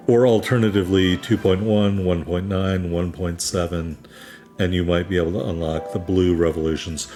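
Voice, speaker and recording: A man's voice: low voice, darkish tone. A man from New England giving casual, wry let's-play commentary on a racing game. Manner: casual, wry, self-deprecating. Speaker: gaming YouTuber.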